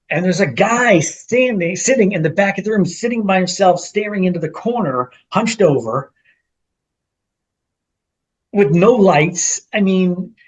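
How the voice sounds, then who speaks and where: A middle-aged man co-hosting a podcast, telling a story with animated quotes in a casual chat between old friends. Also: sits high, slightly rough. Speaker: podcast co-host.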